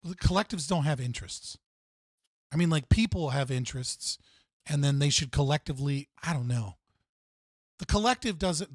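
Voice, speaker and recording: Casting note: male livestream host, a touch higher-pitched, profane and rambling, dry close mic. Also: animated, normal speed, pauses often, dry recording. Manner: profane, rambling storytelling with frequent fillers. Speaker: streamer host. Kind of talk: casual livestream chat.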